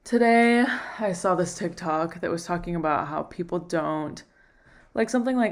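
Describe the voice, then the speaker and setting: A woman's voice: fairly low pitch, moderate pace. A young woman chatting on a live stream, rambling and self-conscious, out of breath from running. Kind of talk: casual live stream chat.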